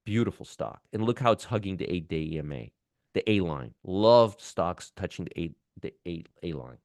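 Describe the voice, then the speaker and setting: A deep-voiced man hosts a trading show in a loose, enthusiastic way, repeating words and breaking off phrases as he goes. His voice is close and dry, with no room sound around it. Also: expressive, normal speed, a little mellow, no echo. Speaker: stock trading show host. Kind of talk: casual market commentary.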